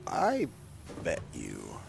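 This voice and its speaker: A man streaming a game, chatting casually and rambling as he thinks aloud, swearing freely and slipping between soft whispers and louder bursts. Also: extremely low pitch, huge pitch swings, very slow, gravelly, over music. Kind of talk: casual gaming livestream chat.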